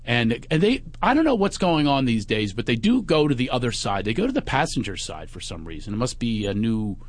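A man comedian tells a story in an easy, chatty way. His voice swoops up and down as he acts out the people in it. He sits at a middle pitch. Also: very animated, brisk. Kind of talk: casual storytelling on a podcast.

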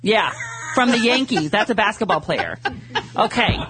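Radio host, male, dry sarcastic banter, very animated pitch. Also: normal speed, background noise. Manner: sarcastic, self-deprecating, laughs a lot.

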